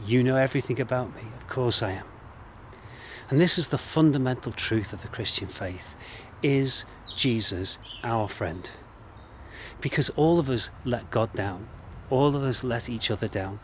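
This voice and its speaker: A man with an English accent, a minister delivering a recorded sermon in an earnest, gently emphatic way with repeated phrases. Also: mid-range voice, a little hiss or hum. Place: indoors, recorded for online service.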